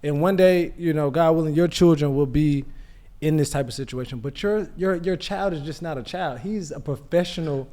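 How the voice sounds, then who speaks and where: A man co-hosts a casual sports podcast. He tells stories in an animated way and jumps in with quick asides. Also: a little high. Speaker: podcast co-host.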